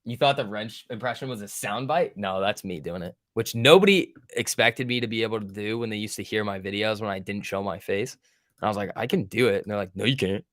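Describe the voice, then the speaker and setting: This brisk male host has a voice on the low side with a fairly bright tone. Running a stock market livestream, he keeps things casual, cracking jokes and cursing while responding to chat.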